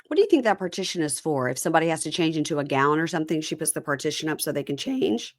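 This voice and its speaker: A woman's voice: low-pitched, sing-song, rapid-fire, no room sound, clean studio sound. A woman guest in a casual podcast chat, blunt with wry asides.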